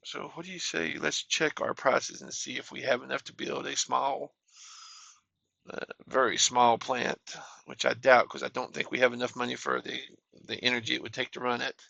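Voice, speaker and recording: A gaming channel host gives relaxed, plain-spoken commentary as he walks through his game session. His medium-pitched voice has a gravelly edge and a bright, forward tone at normal speed, recorded close and dry with no room sound.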